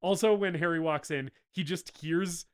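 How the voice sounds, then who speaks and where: On a movie podcast, a male co-host keeps the review chat casual, slipping into character voices to replay scenes from the film. His smooth voice leans high, and he speaks at a moderate pace.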